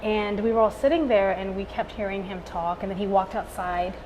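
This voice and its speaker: A woman's voice: medium pitch, fairly even intonation, a little fast, a little mellow, a little hiss or hum, low-quality recording. A woman co-hosting a podcast, chatting casually and often breaking in with short affirmations. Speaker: podcast co-host. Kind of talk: casual conversation.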